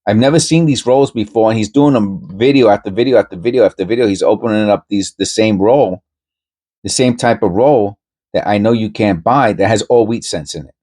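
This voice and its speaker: Rambling casually to camera, this coin-hunting channel host keeps restarting and cutting himself off. He speaks a little fast in a fairly low, dark voice.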